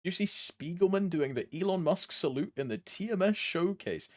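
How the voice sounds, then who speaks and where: A man's voice: high-pitched, normal speed, dry recording, studio quality. A man streaming live, chatting loosely in slangy talk, laughing often and trailing off mid-thought. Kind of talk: casual live stream commentary.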